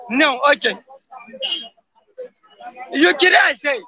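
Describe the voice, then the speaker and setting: A Nigerian man speaking Pidgin English in an animated street interview, his voice very high and piercingly bright. He swears oaths as he presses his point. The recording is dull and lo-fi. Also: moderate pace. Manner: emphatic pidgin English, swears wallahi often.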